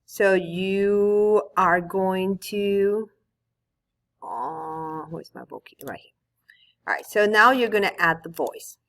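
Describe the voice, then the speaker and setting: A woman's voice: medium pitch, slow, a bit bright. A woman teacher walking students through an online tool, patiently explaining step by step at her computer. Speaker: Spanish teacher. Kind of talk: screen-recorded tutorial.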